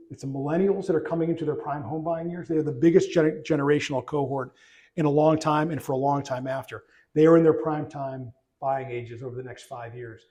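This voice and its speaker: A middle-aged man, a trade association chief, speaking at a luncheon in a relaxed conversational way with frequent restarts and fillers. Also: a little high. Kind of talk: luncheon speech. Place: banquet room.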